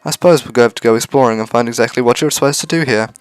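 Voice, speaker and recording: A man's voice: medium pitch, racing, clear, resonant tone, no echo. A young man reading a visual novel aloud as a let's play host, breaking off for casual, joking asides.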